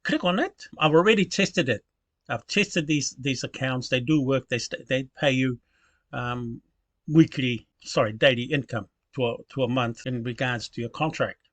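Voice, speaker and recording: A man's voice: mid-range voice, steady tone, normal speed, dry recording. A man hosting his channel, talking casually through a screen recording with many fillers and self-corrections. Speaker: channel host.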